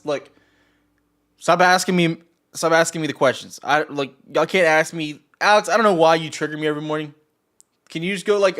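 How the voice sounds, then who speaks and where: A young man hosting a trading livestream, talking casually and ranting at viewers in chat with sarcasm and profanity. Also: medium pitch. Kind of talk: casual live stream chat.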